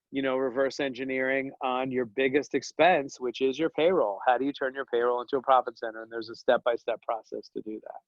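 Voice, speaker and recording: A man talks in a casual podcast chat at a middle pitch, energetic and full of jokes, wandering off into slang asides. The audio is dry with no room sound and slightly dull. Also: no room sound. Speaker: podcast guest, dental business coach and author.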